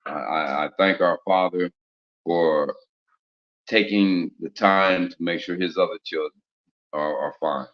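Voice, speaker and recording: With a deep voice and a slightly slow delivery, a man preaches informally in slangy street language, tossing out rhetorical questions. The sound is muffled and lo-fi, echoing as if in a large room.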